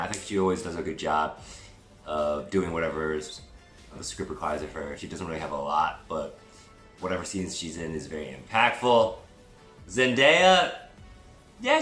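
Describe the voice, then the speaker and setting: A man's voice: deep voice, a bit bright. A man giving a chatty, digressive movie review vlog, with self-deprecating asides. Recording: roomy echo with faint music.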